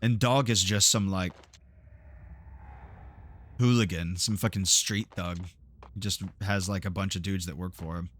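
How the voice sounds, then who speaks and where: A man's voice: deep voice, fairly even intonation, unhurried, long pauses, fairly bright tone. A man doing casual let's-play commentary, chatty, swearing often and laughing. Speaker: streamer playing a game. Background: game music.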